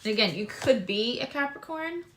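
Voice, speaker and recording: A woman's voice: fairly high pitch, animated, moderate pace, very noisy. A woman reading tarot cards on a live stream, chatting with viewers in a loose, digressive way. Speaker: tarot reader and astrologer.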